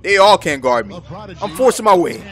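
A young man giving excited, trash-talking commentary over his own basketball video game play. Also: high voice, moderate pace. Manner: hyped, exclaiming, trash-talking. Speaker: gaming YouTuber. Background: background music.

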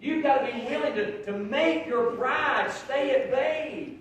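A man preaching a sermon as pastor, telling folksy stories and swinging from quiet asides to loud shouts. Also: very high voice, measured pace, a crowd in the background. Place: church sanctuary. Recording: very echoey church hall, mic far off.

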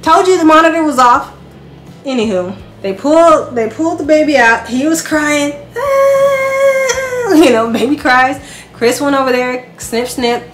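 A woman in her thirties telling a personal story in casual vlog style, lively and acting out the voices of others. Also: sits high, moderate pace, faint music behind. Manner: animated, acts out quoted voices. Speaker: vlogger. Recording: echoey room with faint noise.

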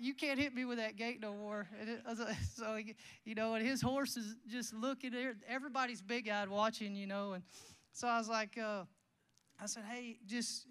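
Casting: young male preacher, high voice, smooth and clear, folksy storyteller who rambles. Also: a bit bright. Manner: folksy, rambling with restarts and quoted dialogue. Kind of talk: storytelling sermon.

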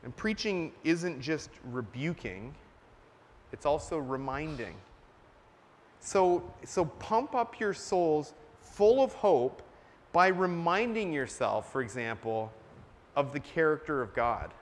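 Man preaching, earnest, emphatic, slightly high voice, long church reverb. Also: lively intonation, takes it slowly, a little hiss or hum. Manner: earnest, emphatic, coughs between points. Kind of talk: sermon. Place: church sanctuary.

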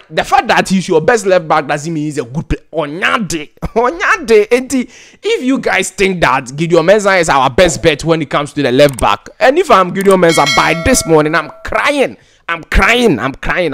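This football commentary comes from a Ghanaian pundit whose high-sitting voice has a fairly bright tone. He rants with exasperation, circling back to the same points and sometimes laughing in disbelief.

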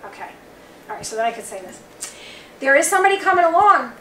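A psychic reader from Long Island, New York, speaks with a bright, high-sitting, sing-song voice at a quick pace. She's chatty and rambling, relaying messages in quotes during a live reading for a small group in a bookstore event room. The audio is roomy and distant, with faint noise.

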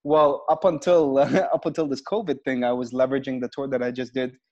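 An Egyptian comedian, a guest in a casual interview, chats in a medium-pitched voice at a slightly fast pace. He's an animated storyteller who acts out his stage routine and swears freely. The audio is muffled, like a lo-fi video call.

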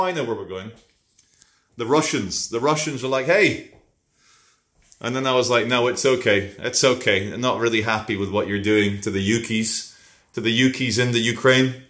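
A man talks straight to camera in a loose, rambling vlog monologue, blunt and full of swearing, dropping sardonic asides. His voice sits at an ordinary middle pitch. The room around him rings with a noticeable echo. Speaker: vlogger. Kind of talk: casual unscripted monologue. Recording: roomy echo.

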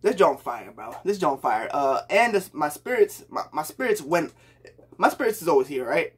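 A man's voice: on the high side, big pitch swings, moderate pace, a bit bright, slightly rough. A young man from Puerto Rico giving a hyped, slangy reaction to a song for his viewers, calling them bro. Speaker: music reaction youtuber. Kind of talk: casual music reaction talk.

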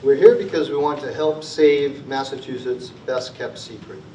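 A man's voice: mid-range voice, steady tone, moderate pace, dark tone, slight background noise. Earnest man in echoey auditorium. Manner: earnest, repetitive rallying phrases. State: choked up with emotion at times. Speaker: resident presenter at a town meeting. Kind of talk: prepared public presentation. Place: school auditorium. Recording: roomy, distant, dull auditorium recording.

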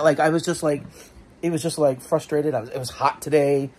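A man vlogs about a frustrating day in a loose, rambling way, full of restarts and second-guessing. His voice sits a little high and sounds husky. Allergies leave him congested. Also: steady tone, quick pace, darkish tone. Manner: frustrated, rambling, self-questioning, many restarts and fillers. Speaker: vlogger. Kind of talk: casual storytelling to camera.

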